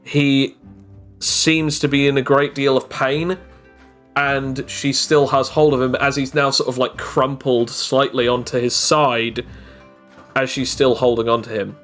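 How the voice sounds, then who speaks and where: A man narrating as game master of a tabletop game, talking quickly and often repeating words as he goes. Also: medium pitch, flat delivery, a bit bright, soft background music.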